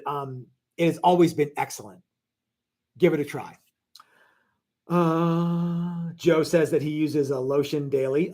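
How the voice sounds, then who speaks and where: A man hosts a laid-back live stream from his guitar workshop. His voice sits a little high for a man, and he rambles through viewer questions, restarting sentences, piling on fillers and tossing in jokes. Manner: rambling, chatty, lots of fillers and restarts, joking. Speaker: guitar shop owner hosting a live stream.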